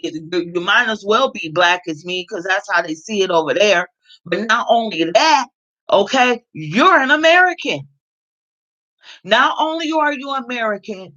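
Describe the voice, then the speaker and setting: California woman ranting, cussing a lot, kinda high voice, muffled lo-fi sound. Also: pushed and bright. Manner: blunt, heavily profane, repeats herself for emphasis. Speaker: vlogger. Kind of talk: casual commentary rant.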